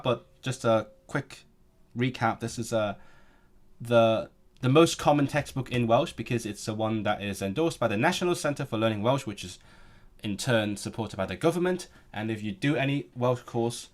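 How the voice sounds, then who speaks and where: Halting man chatting on a live stream. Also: mid-range voice. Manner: hesitant, many restarts and fillers. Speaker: language streamer. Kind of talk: casual live-stream chat.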